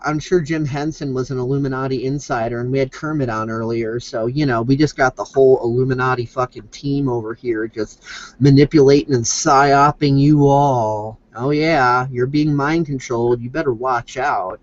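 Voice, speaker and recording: A man's voice: medium pitch, steady tone, moderate pace, dry recording. A man co-hosting a comedy podcast, ranting sarcastically. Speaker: podcast co-host. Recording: dry muffled lo-fi sound.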